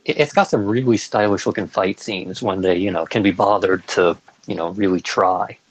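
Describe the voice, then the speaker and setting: A man's voice: low-pitched, normal speed, poor audio. A young man co-hosting a podcast in casual chat, enthusiastic and chatty, stumbling through restarts. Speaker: podcast co-host.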